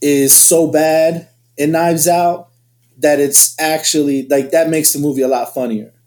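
Male co-host, rambling casual chatter, slightly high voice. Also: steady tone, measured pace, darkish tone. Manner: rambling, restarts sentences often. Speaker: podcast co-host. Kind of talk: casual chat.

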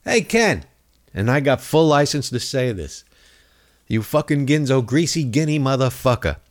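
A man's voice: medium pitch, sing-song, moderate pace. A man tears into his target in a long, crude comic rant. His voice swoops up and down as he goes, and he keeps stalling on fillers and restarts. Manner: angry, insulting, rambling with many fillers. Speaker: comedic ranter. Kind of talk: profane political rant.

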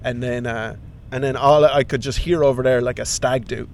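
A man's voice: medium pitch, steady tone, moderate pace, vocal fry, a little mellow, a little hiss or hum. A young man telling a comic story on a podcast, swearing freely and acting out the voices of other people. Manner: swears a lot, acts out voices. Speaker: podcast co-host.

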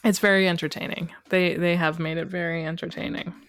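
A woman from western Canada co-hosting a podcast in casual chat, playful and quick with jokey asides. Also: lowish voice, level tone, a bit bright, slight background noise. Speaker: podcast co-host.

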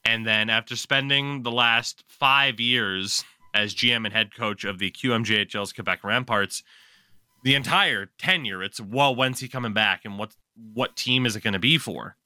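A man hosting a casual sports podcast, with a very bright and forceful tone. His talk is loose and joking, with swearing and frequent laughs. The sound is dry and close-miked. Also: medium pitch, moderate pace, dry recording. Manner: profane, joking, laughs often. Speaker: podcast host.

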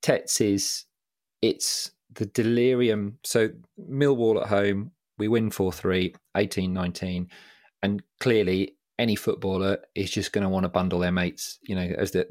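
A man's voice: fairly low pitch, no echo, studio quality. A man co-hosting a casual podcast, rambling through stories with lots of restarts. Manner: rambling, animated when telling stories, mimics voices. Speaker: podcast co-host.

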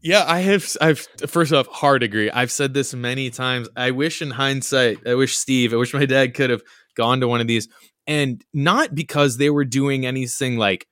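A man's voice: medium pitch, normal speed, fairly bright tone, no room sound, studio quality. A young adult man, a podcast guest, telling casual stories and acting out quotes in a raised voice. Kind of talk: casual storytelling chat.

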